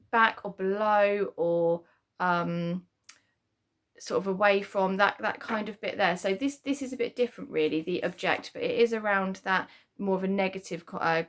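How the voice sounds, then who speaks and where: A woman's voice: on the low side, gravelly. A woman teaching a children's spelling lesson from home, talking in a chatty way with many "um"s and "kind of"s. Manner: chatty, lots of "um" and "kind of" fillers. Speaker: primary school teacher.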